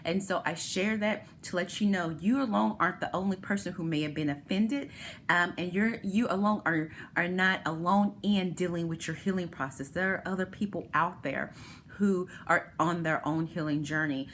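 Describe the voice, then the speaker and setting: Lady with a lowish voice breaking down a therapy concept, walking through examples. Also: moderate pace, fairly bright tone, slight background noise. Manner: explanatory, walks through examples step by step. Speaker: host. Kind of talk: teaching talk on therapy.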